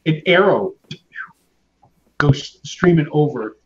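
Rambling game master, muffled noisy audio. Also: male voice, fairly high pitch, lively intonation, takes it slowly. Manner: casual, rambling with fillers and restarts. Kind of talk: narrating a tabletop game. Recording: muffled lo-fi audio with clear background noise.

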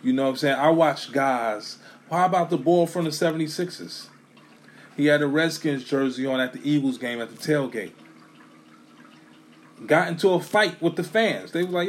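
A man talking casually and profanely about sports fans, swinging between loud bursts and low mutters. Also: moderate pace, a little hiss or hum. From New York.

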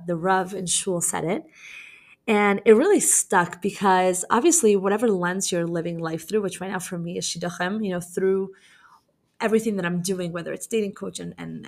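A young adult woman hosting a podcast as a dating coach and matchmaker. She speaks in a casual, conversational way, telling stories and using many fillers like "you know". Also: medium pitch. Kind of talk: casual advice monologue with storytelling.

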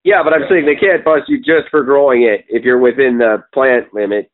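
A Canadian man in casual podcast chat, blunt and full of swearing, often pausing on ums as he rambles. His voice sits in a middle range and comes through thin and tinny, like a phone line. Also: medium pitch, fairly even intonation. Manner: opinionated, profane, rambling with many ums. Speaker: podcast co-host.

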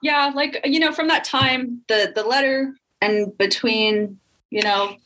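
A woman's voice: a little high, a little slow, pushed and bright, rough recording. A woman guest recounting a painful family story in a candid, emotional conversational way, with many fillers. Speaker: podcast guest.

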